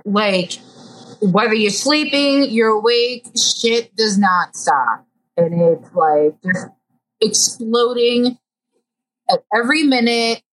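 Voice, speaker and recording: A woman's voice: mid-range voice, fairly bright tone, rough recording. A woman in her forties co-hosting a casual chat show, talking bluntly and profanely in a rousing, pep-talk way. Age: 40s. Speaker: podcast co-host.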